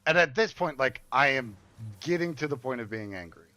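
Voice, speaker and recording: A man of middle pitch tells a story from his own life in a casual, lively way. He swears often and speaks the lines of the people in it. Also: a little fast, no room sound. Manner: animated, profane, acts out quoted dialogue. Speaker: streamer telling a story. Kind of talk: casual storytelling while gaming.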